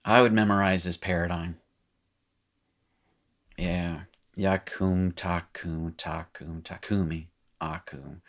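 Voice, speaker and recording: A man with a low-sitting voice works through a recorded lesson slowly, pausing often and keeping his intonation fairly even. He reads from the textbook, then comments on it, rambling, correcting himself as he goes, and adding joking asides.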